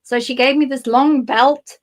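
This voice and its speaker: A woman's voice: high voice, fairly even intonation, unhurried. A woman from South Africa with a South African accent, a guest psychic giving candid, rambling personal testimony in an interview.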